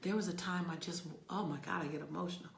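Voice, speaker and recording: A woman talking to viewers on a casual livestream from a rental room, emphatic and warm, sometimes dropping to soft near-whispers. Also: fairly low pitch, fast, vocal fry, roomy sound. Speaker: motivational speaker hosting a livestream.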